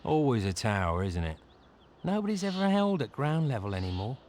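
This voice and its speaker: A man's voice: mid-range voice, sing-song, a little fast, darkish tone, slight background noise, lightly acted. An actor playing a snarky, greedy male bard anti-hero in a video game, with dry, mocking quips. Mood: sardonic.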